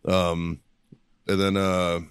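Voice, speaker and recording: A man's voice: sits low, little pitch movement, drawn-out words, clear, resonant tone, no echo. A man hosting a podcast, telling stories in casual chat, laughing often and swearing constantly. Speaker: podcast host.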